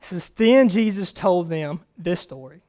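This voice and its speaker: A pastor preaching a sermon, telling stories with lively animation and building to loud, emphatic points. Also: male voice, sits high, unhurried.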